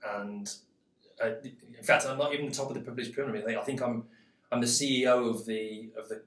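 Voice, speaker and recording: Flat-voiced English man in a roomy echo. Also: mid-range voice, quick pace, far from the mic. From England. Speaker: interviewee. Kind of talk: candid interview talk.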